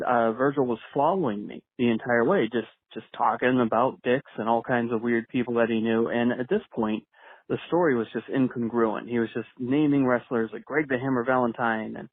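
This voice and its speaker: Male caller, storyteller with a chuckle, husky voice, phone-quality audio. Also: mid-range voice, no echo. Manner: chatty storyteller, chuckles while telling. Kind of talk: phoned-in anecdote. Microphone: phone voice message. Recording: dry tinny phone line.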